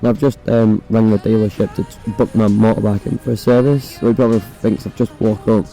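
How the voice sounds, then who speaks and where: A young man with a hoarse, croaky voice, chatting casually and swearing while riding a motorbike, recorded on a phone inside his helmet. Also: fairly low pitch, little pitch movement, a little fast, mellow, faint music behind, rough recording. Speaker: motovlogger. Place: on a motorbike on city roads.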